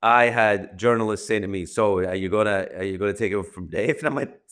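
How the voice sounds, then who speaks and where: A man's voice: mid-range voice, brisk, fairly bright tone. A Scottish man in his sixties, a podcast guest who answers in rambling, self-deprecating stretches and restarts his sentences often. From Scotland. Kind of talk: podcast interview.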